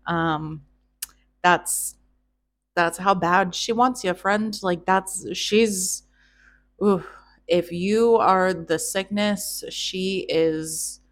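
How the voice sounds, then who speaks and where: A woman's voice: on the low side, very slow. A woman voicing a sly male trickster god who talks in a casual, wheedling, buddy-buddy way.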